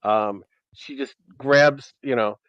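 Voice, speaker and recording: A man running a tabletop horror game as game master, narrating haltingly with many ums. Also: medium pitch, clean tone, dry recording. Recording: dull, dry sound.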